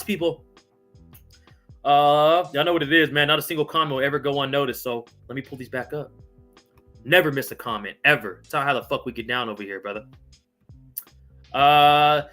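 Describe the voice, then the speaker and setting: A man hosting a live MMA recap stream in casual sports talk, hyped and profane, shouting out viewers in the chat. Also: mid-range voice, fairly even intonation, moderate pace, pauses often, faint music behind.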